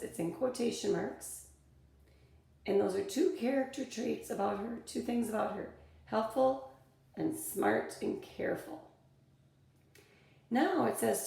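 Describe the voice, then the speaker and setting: A woman's voice: medium pitch, gravelly, darkish tone, echoey room. A woman teacher walking children through a reading worksheet, reading passages aloud and explaining them step by step.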